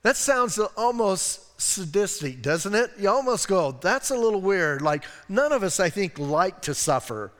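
A man's voice: high-pitched, sing-song, measured pace, few pauses, a bit bright. An American male pastor preaching a casual, chatty sermon full of rhetorical questions and asides. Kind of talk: conversational sermon. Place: church sanctuary. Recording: long church-hall reverb.

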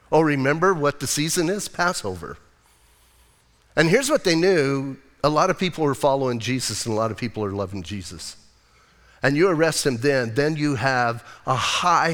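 Animated pastor in an echoing hall. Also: male voice, fairly high pitch. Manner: animated, jokey, slips into voiced characters. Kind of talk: casual sermon with acted-out Bible scenes. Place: church sanctuary. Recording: long hall reverb.

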